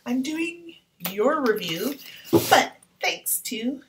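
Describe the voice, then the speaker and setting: A gushing woman talks through an unboxing at a slow, unhurried pace. Her voice sits a little high, and she often drops into whispers. A faint hiss of noise runs behind her. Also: sing-song. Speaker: art vlogger unboxing sponsored markers. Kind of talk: casual unboxing vlog.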